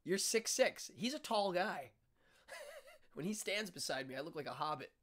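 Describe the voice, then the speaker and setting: A man hosting a casual interview chat, telling stories in an animated, excitable way. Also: high-pitched, measured pace. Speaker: host.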